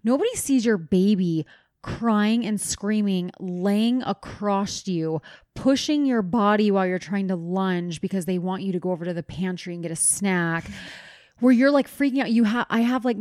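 A young woman and mother co-hosting a podcast, telling a funny story in an animated way, swearing casually. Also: medium pitch, no room sound, clean studio sound. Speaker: podcast co-host. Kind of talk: casual chat.

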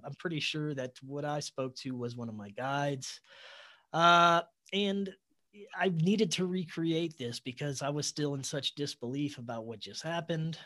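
A man guest telling a long personal story in a casual interview, earnest and animated, acting out quoted dialogue and laughing now and then. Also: on the high side.

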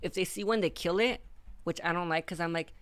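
Fast-talking Mexican woman, joking. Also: on the low side, clear, resonant tone. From Michoacán, Mexico. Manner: animated, joking, tough-talking. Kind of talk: casual podcast chat, switching between English and Spanish.

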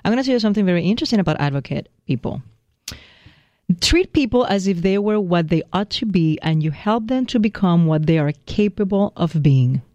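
A woman's voice: fairly low pitch, lively intonation, darkish tone, dry recording, highs cut off. A young woman co-hosting a casual chat with her partner, playful and dramatic, speaking English as a second language. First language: not English. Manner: playful, dramatic storytelling, quick to laugh. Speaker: podcast co-host.

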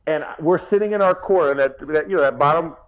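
A man's voice: on the high side, fast talker, dull audio. A man telling a funny locker-room story in casual chat, acting out his own reactions. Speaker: former football player.

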